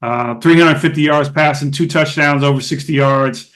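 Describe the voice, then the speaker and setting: A middle-aged man from Oakland, a former ballplayer, telling stories as a podcast guest in a lively, casual way with many fillers and restarts. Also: a little high, normal speed. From Oakland, California. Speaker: guest, former baseball catcher. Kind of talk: casual storytelling interview.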